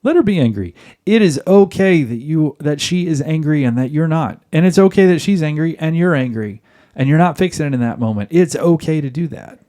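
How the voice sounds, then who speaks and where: A fairly high-pitched man with a dark tone talks a little fast and animatedly as he hosts a marriage advice podcast. He jokes, speaks with emphasis, and regularly performs both sides of a conversation.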